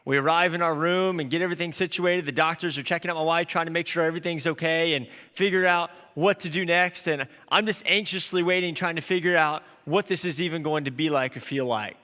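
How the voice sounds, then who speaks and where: A man in his thirties, a pastor giving a sermon, telling a story in an animated, conversational way. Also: fairly high pitch, brisk, hardly any pauses, long reverb tail.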